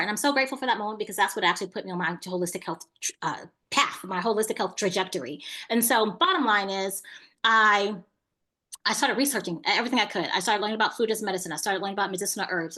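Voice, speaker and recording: A woman's voice: mid-range voice, sharp tone. A woman in her thirties hosting a webinar as a business coach, speaking casually and telling a story animatedly, addressing listeners directly.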